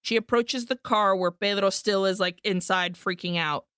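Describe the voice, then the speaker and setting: Podcast co-host, woman, smooth, dry close-mic sound, casual bilingual plot recap. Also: medium pitch, moderate pace, fairly bright tone, dry recording. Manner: recaps the plot, switching between English and Spanish, swears freely. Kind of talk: casual film-recap chat.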